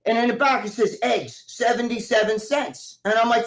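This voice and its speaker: A man with a New Jersey accent, whose voice sits high for a man, rambles through a casual live-stream chat. He swears freely and acts out the people in his stories. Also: moderate pace, gravelly, hardly any pauses. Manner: profane, rambling storyteller who acts out other people's voices. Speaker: co-host of a live stream talk show.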